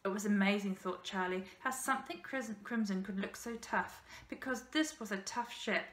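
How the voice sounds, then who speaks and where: A woman teacher reading a children's novel aloud in steady storybook narration, with small slips. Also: medium pitch, moderate pace. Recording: roomy echo.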